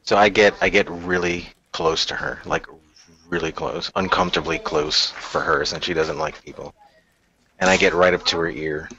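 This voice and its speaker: A man playing a tabletop role-playing game, talking in a rambling, drawn-out way. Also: low-pitched, vocal fry, pushed and bright. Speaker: player. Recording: dull lo-fi audio.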